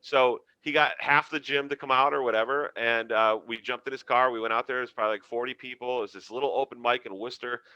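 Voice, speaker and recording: Bright, animated storytelling man. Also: mid-range voice, fast talker, few pauses, no echo, lo-fi sound. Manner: animated storyteller acting out quoted voices. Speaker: comedian guest. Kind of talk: casual storytelling chat.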